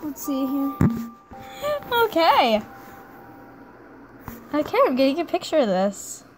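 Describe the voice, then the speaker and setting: Young woman, high lively voice, unhurried, giggly, squealing, game music behind. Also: rough recording. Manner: giggly, squealing, easily delighted. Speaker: gaming video creator. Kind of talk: excited gameplay commentary.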